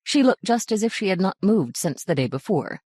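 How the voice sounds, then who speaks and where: A woman narrating a fairy tale audiobook in a measured, gentle reading. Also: medium pitch, sing-song, breathy edge, no room sound, clean studio sound. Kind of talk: scripted storybook narration.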